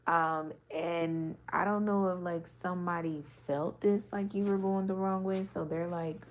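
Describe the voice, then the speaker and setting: Low-voiced blunt woman giving a reading. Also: steady tone, a little slow. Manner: loose and blunt, swears, many filler "like"s. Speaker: spiritual card reader. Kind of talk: casual intuitive reading to camera.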